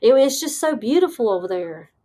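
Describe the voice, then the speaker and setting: A woman hosting a livestream, chatting casually with viewers and reading their comments aloud, rambling and excitable with bursts of laughter. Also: a little high, a little fast. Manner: chatty and rambling, trailing off often. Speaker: livestream host.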